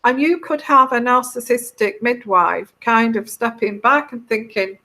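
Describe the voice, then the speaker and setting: A woman with a bright, slightly high voice talks slowly and earnestly to her live-stream viewers. She rambles and restarts often, sounding heartfelt. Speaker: tarot reader hosting a live stream.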